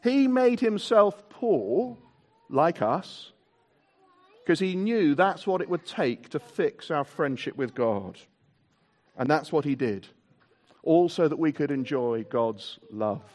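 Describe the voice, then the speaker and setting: A man preaching a Christmas sermon to a mixed-age congregation in a church hall, stretching out key words for emphasis. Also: fairly high pitch. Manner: animated, drawn-out emphasis on key words, leads the congregation in actions. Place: church hall with tiered seating.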